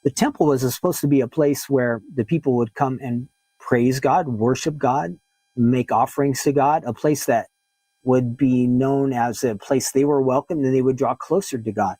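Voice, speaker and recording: Male Bible teacher, mid-pitched voice, reads scripture and explains it conversationally; dry, close recording. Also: moderate pace, warm tone, no room sound, low-quality recording. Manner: reads verses aloud and explains them plainly. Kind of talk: casual Bible lesson.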